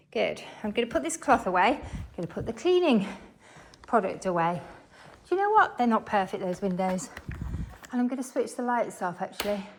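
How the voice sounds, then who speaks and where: With a phone strapped to her chest, a woman cleans her house and talks casually to the camera, poking fun at herself and musing aloud. Her voice is fairly high, she's a little breathless, and there's slight background noise.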